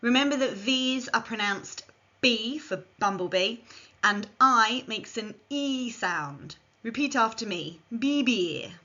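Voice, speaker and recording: Slow, bright-voiced woman teaching a language. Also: fairly high pitch, animated. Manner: slow, careful modelling of phrases for learners to repeat. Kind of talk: scripted language lesson. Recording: dull lo-fi recording.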